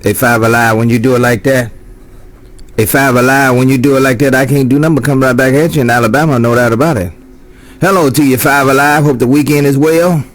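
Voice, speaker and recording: A CB radio operator chats casually over his handset in a mid-range, steady voice, speaking briskly yet with a drawl. He keeps repeating his catchphrases, especially "no doubt about it."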